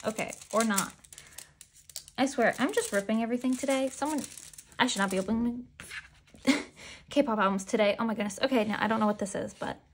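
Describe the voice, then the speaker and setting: A woman chatting casually as she unboxes merchandise, chatty and self-deprecating with giggly asides. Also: fairly high pitch. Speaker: unboxing vlogger.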